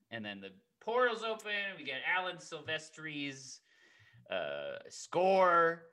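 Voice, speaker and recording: A man co-hosting a podcast, recapping a film in casual, profane, animated chat and humming the score. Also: fairly high pitch, takes it slowly. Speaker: podcast co-host.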